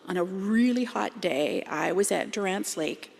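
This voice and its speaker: A middle-aged Canadian woman preaches a sermon in a church sanctuary, chatty and self-deprecating. Her mid-range voice is creaky, with lively intonation and a measured pace, and the recording has long hall reverb.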